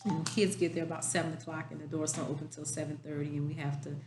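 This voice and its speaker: A woman school educator giving a casual spoken message, telling stories in a relaxed conversational way full of fillers. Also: deep voice, fast, roomy sound, over music. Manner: conversational storytelling with many fillers.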